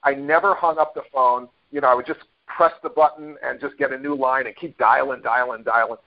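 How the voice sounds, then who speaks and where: A man's voice: mid-range voice, fairly even intonation, brisk. A man being interviewed as a guest, telling stories casually with many fillers and restarts. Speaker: guest, network marketer. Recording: dull lo-fi audio.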